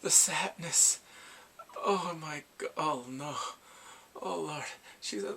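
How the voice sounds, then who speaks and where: A man casually recapping a drama's plot, animated and emotional, acting out the characters' lines. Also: on the high side, slow pace, creaky, slight background noise. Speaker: drama reviewer.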